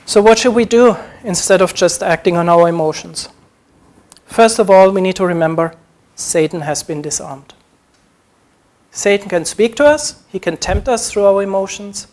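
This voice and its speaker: A man preaching a sermon, earnest, acting out short quoted prayers as he teaches. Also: high voice.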